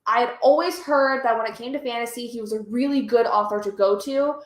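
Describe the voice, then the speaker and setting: Speaking a little high and briskly in an echoey room, a woman hosts a reading stream. This livestream host is chatty and emotional, easily touched, and reads viewers' chat messages aloud as she talks casually.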